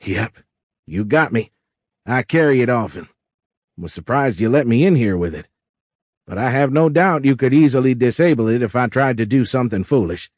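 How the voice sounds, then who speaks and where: A man's voice: medium pitch, animated, normal speed, a little mellow, dry recording, clean studio sound, voice pushed up, natural voice. A male narrator voicing a blunt older American president with a nasal Midwestern accent and a brash, folksy, plain-spoken manner. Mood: brusque, jovial.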